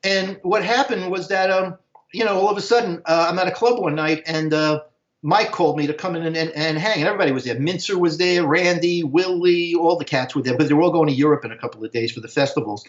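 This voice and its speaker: A man's voice: on the high side, fast talker. Rambling older man, echoey lo-fi audio. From United States. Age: 60s. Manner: rambling, slangy, keeps saying "man". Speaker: interview guest. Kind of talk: casual storytelling.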